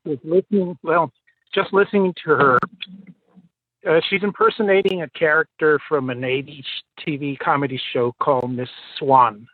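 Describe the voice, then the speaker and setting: A man calling in to a radio show, speaking in a hesitant, halting way over a tinny phone line. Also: fairly high pitch, steady tone, no room sound. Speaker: caller. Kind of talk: phone-in chat.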